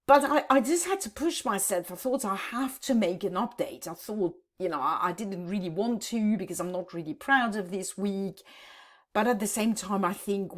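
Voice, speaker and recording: A woman in her fifties talks to camera from her home office, halting and close to tears as she vlogs. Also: mid-range voice, lively intonation. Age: 50s. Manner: halting, repeats words, tearful. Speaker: decluttering vlogger. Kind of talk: emotional vlog to camera.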